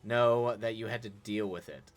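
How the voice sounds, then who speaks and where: A stoic exiled man, read by a male streamer, speaking slowly and quietly with a very deep voice. Every word is measured and deadly serious. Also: faint music behind, close to an everyday voice. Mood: grave, quiet.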